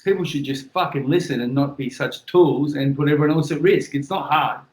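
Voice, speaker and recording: A man's voice: fairly high pitch, brisk. Blunt Australian man in an echoey room. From Western Australia. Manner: blunt, swears freely, relaxed storyteller. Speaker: guest, former world boxing champion. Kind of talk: casual podcast chat.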